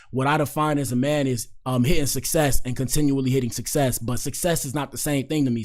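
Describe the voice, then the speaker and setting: A medium-pitched man hosts a commentary show, reacting casually and addressing his viewers directly, full of slang and repeated catchphrases.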